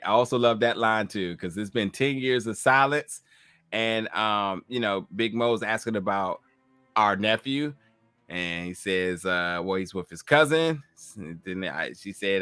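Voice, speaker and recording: A man's voice: lowish voice, measured pace, clear, resonant tone, dry recording, soft background music. A man with a Southern US accent recapping a TV episode in casual chat, acting out lines and padding with fillers. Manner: animated, acts out quotes, frequent fillers. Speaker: podcast co-host reviewing a TV episode.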